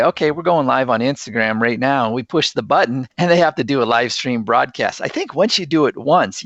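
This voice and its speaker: A man's voice: mid-range voice, fairly bright tone, no echo, muffled recording. A man speaking as a podcast guest, earnest and enthusiastic as he tells stories. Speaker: guest, sales executive. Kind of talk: podcast interview.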